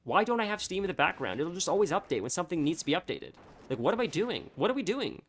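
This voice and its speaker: A gaming livestreamer chats casually with his viewers while playing, rambling with plenty of filler words and restarts. His voice is high, very animated, and quick.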